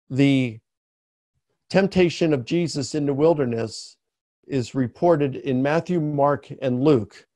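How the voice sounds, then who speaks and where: A man giving an academic lecture in a webinar, explaining slowly and deliberately and stressing key words with sharp rises. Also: mid-range voice, no echo, studio quality.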